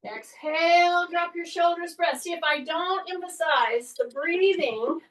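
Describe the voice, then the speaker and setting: High-voiced woman coaching a workout. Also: a little slow, a bit bright. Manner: coaching cues, counts breaths. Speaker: fitness instructor. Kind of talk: workout instruction. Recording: voice from a distance.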